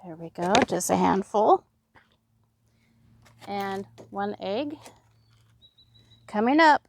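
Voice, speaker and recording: A woman's voice: medium pitch, expressive, slow pace, creaky, background noise. A woman in her fifties from Oregon with a West Coast accent, chatting to herself and viewers while planting her garden outdoors. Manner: chatty, self-talking, laughs often. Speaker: home gardener. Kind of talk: casual gardening vlog.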